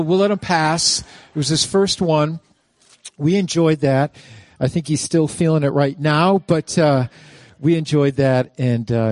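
A man's voice: mid-range voice, a little mellow, no room sound. Dry-sounding jovial male pastor. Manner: jovial, storytelling. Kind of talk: church announcement.

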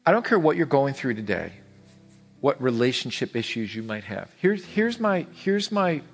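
A man's voice: mid-range voice, very animated, normal speed, long reverb tail, faint music behind. A man preaching a sermon as pastor, earnest and repetitive, rising to pleading peaks. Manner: earnest, repeats words, swells to pleading peaks.

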